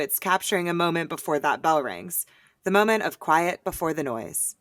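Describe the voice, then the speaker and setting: A woman hosting a poetry lesson, explaining clearly and chanting the rhythm of verse in an upbeat way. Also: low-pitched, lively intonation, normal speed, fairly bright tone, dry recording, clean studio sound. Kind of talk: scripted educational explanation.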